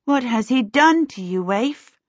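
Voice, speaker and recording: Brief: bossy teen witch girl, high and sharp, storybook reading, played by a woman. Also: animated, unhurried, dry recording. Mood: exasperated. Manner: sharp and exasperated. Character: impatient, bossy teenage girl apprentice witch. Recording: dry, slightly dull recording.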